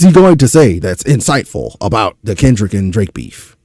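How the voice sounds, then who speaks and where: A man's voice: fairly low pitch, big pitch swings, a little slow, a little mellow, no room sound, studio quality. A young man from Louisiana with a Louisiana accent, exasperated and profane, ranting through a reaction stream. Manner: exasperated, profane, rhetorical questions.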